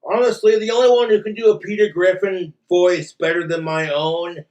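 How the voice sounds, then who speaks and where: A man's voice: sits high, steady tone, normal speed, darkish tone, highs cut off. A man chatting casually at home, crude and laughing between lines. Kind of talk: casual stream chat.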